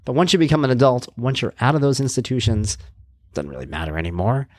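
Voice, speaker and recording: A man's voice: mid-range voice, quick pace, a little mellow, dry recording. A man in his thirties hosting a podcast, telling a casual, self-mocking story and acting out the voices he quotes. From Long Island, New York. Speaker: podcast host.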